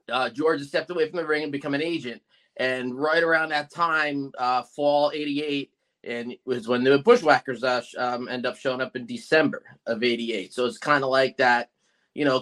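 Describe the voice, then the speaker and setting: A man's voice: medium pitch, steady tone, normal speed, a bit bright. Rambling middle-aged podcast host, a man. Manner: rambling, with many fillers and restarts. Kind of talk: casual chat.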